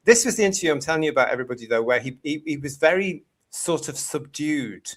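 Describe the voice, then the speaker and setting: A man's voice: fairly high pitch, animated, fast talker, a bit bright. Blunt British man hosting a stream chat. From United Kingdom. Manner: blunt and opinionated, mocking. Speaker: host. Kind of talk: casual panel chat on a live stream.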